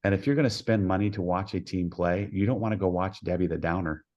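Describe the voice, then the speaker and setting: Low-voiced coach telling folksy stories. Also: male voice, quick pace, a little mellow, dull audio. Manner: folksy, anecdotal, acts out quoted dialogue. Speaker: head softball coach, podcast guest. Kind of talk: storytelling in a podcast interview.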